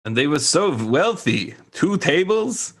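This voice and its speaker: Slow, lively higher-voiced man joking. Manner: joking, laughs often. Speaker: player. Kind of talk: playing a tabletop game.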